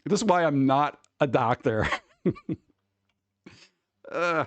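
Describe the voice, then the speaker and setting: A man ranting on a casual livestream about advice posts, swearing freely and mocking people in quick put-on voices, his tone exasperated and sarcastic. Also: fairly high pitch, lively intonation, dry recording. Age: adult who worked at a record store. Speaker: streamer reacting to advice posts.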